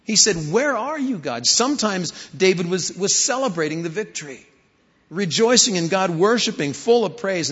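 Husky preacher in an echoing hall. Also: male voice, mid-range voice, fairly bright tone. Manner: storytelling, rising to emphatic questions. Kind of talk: sermon. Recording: hall reverb, dull lo-fi sound.

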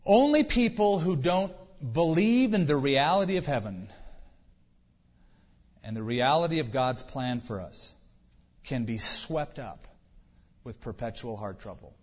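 In a conversational sermon, a male pastor poses rhetorical questions and slips in dry jokes. His husky, mid-pitched voice is expressive and a little mellow, measured in pace with long pauses. The dull, lo-fi recording carries the long reverb of a large hall.

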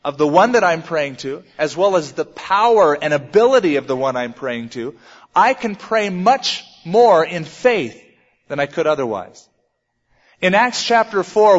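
A man preaching a sermon in an emphatic style with dramatic pauses. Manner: emphatic, dramatic pauses, lively swings in pitch. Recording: dull sound with long hall reverb.

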